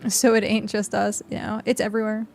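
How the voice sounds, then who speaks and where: A woman's voice: mid-range voice, monotone, brisk, vocal fry, a little mellow, soft background music. A young woman streaming a game, chatting casually and rambling with lots of fillers as she plays. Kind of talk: casual gameplay commentary.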